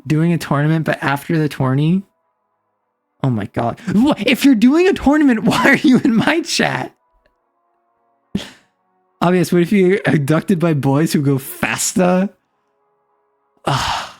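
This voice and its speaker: A woman's voice: fairly low pitch, expressive, measured pace, long pauses, a little mellow, faint music behind. Playful, giggly woman streamer. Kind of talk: casual live-stream chat.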